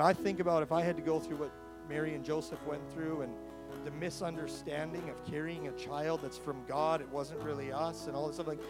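A man preaching a sermon as a pastor, talking in a conversational way that rises to emphatic calls. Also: fairly high pitch.

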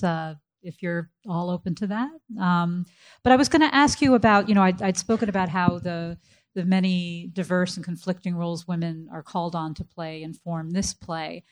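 A woman moderating a panel discussion, asking questions in a measured, polite way. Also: lowish voice, a little mellow.

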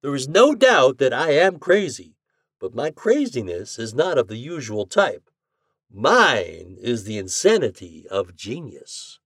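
A man reading an audiobook voices a cheerful, eccentric scientist who lectures with drawn-out emphatic stresses. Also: mid-range voice, very animated, fairly bright tone, breathy edge, no echo, studio quality, exaggerated voice. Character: eccentric male scientist, cheerful self-declared mad genius.

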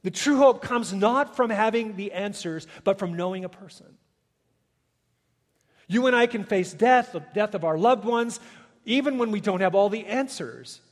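A man preaching a sermon as a pastor, swinging between loud emphatic peaks and hushed, quiet passages. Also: high voice, moderate pace, long reverb tail. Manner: dynamic preaching, swelling loud then dropping soft.

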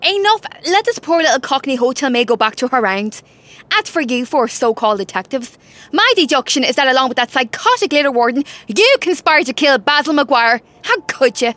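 A woman voicing a bossy detective chief in an improvised comedy audio drama, loud and exasperated. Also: high voice, sing-song, fairly quick, dry recording.

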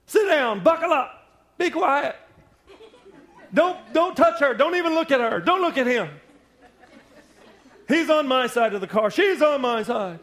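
A frazzled parent snaps quick orders at squabbling kids in the back seat, as a preacher acts it out. The voice jumps well above his usual pitch, sharp and clipped, with every command fired off fast. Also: lively intonation, heavily acted. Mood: exasperated. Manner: sharp, rapid-fire scolding. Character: exasperated parent scolding kids in a car.

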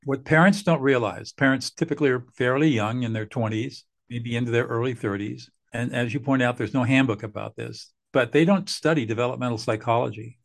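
A man's voice: mid-range voice, brisk, creaky, hardly any pauses. An older man, a mediator guest on a podcast, explaining earnestly and acting out what parents and bosses say. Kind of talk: podcast interview.

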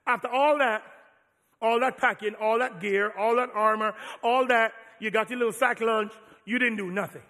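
A man's voice: sits high, long reverb tail, pitched above the performer's own voice. A man playing an eager young boy full of questions. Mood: incredulous. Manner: excited, rapid questioning. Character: eager young boy pestering his dad.

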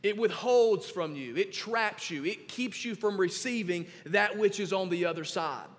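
A male pastor preaches a sermon in a high-pitched voice at a normal pace, his words echoing through the church's hall reverb. He is emphatic and instructive, telling the congregation to underline verses.

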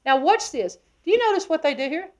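A woman preacher with a high voice delivers an expository Bible sermon. She is emphatic and keeps asking her listeners questions. Her delivery moves between loud, pressing stretches and quiet, hushed asides. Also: sing-song, fast talker.

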